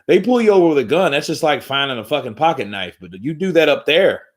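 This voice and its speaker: A man's voice: on the high side, big pitch swings, fast. A man hosting a live boxing commentary stream, talking in a rambling, profane, joking way from home.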